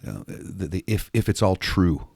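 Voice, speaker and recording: A man asking his father questions casually, pausing and searching for his words. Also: low-pitched, gravelly, a little mellow, husky, no echo, studio quality. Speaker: son and co-host. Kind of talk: casual conversation.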